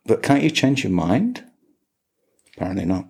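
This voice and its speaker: A man's voice: fairly low pitch, big pitch swings, moderate pace, vocal fry, slightly rough. A man co-hosting a podcast, telling a self-mocking story in casual chat with his sister. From England. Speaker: podcast co-host.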